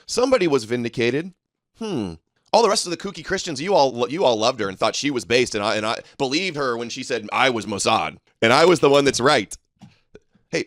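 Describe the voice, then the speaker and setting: A man's voice: mid-range voice, dry recording, clean studio sound. A man hosting a livestream, ranting in a combative, sarcastic and mocking way as he reads through posts and answers viewers. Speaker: livestream host.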